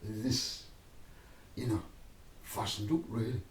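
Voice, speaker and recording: A man's voice: on the low side, fairly even intonation, slow, a little hiss or hum. A man telling a rambling personal anecdote to camera, often breaking into chuckles. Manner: chuckling, digressive, keeps breaking into laughter. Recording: roomy echo, mic at a distance.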